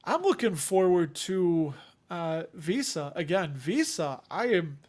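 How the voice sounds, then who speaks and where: A man's voice: high-pitched, big pitch swings, takes it slowly, darkish tone. Joking Chicago man hosting a livestream. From Chicago area. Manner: rambling, joking, self-deprecating. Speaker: dividend investing livestream host. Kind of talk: casual livestream chat.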